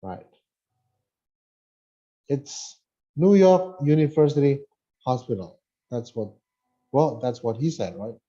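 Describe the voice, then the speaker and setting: A man teaching an online English lesson, slowly reading a dialogue aloud and explaining pronunciation with chatty asides. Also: mid-range voice, big pitch swings, dark tone, lo-fi sound.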